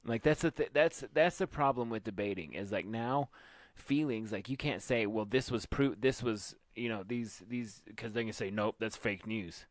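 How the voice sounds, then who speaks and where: A Texan man with a lowish voice hosting a casual podcast. He rambles and stumbles through restarts, and the dry, close recording has no room sound. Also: no echo. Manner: rambling, repeats himself, halting restarts. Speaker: podcast co-host. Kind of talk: casual chat.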